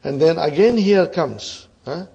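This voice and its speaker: A man teaching an Arabic grammar class, quizzing students with repeated questions and clearing his throat often. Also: a little high, lively intonation, a little slow, warm tone, dull audio.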